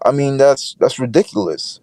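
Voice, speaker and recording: A man's voice: medium pitch, moderate pace, a little mellow, no echo, low-quality recording. A man in casual podcast chat, slangy and insistent, repeating himself to get a point in.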